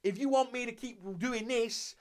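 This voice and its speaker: A man's voice: very high-pitched, fairly even intonation, normal speed. A young man hosting his channel, giving a loose, sweary, casual review of an anime episode with lots of restarts.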